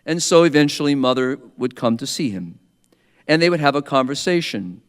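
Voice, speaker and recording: A man giving an earnest, measured sermon, slowing down for emphasis. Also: mid-range voice, lively intonation, smooth, long reverb tail. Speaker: preacher.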